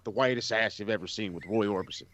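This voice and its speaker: A man's voice: fairly low pitch, quick pace, muffled recording, noisy background. A man co-hosting a casual podcast, blunt and swearing freely. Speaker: podcast co-host.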